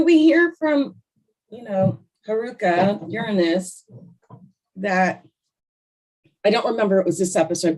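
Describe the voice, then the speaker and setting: Woman co-host for a casual podcast chat, slow and easygoing, slightly low pitch. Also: a little mellow, poor audio. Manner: chatty, heavy use of "like", eating cookies while talking.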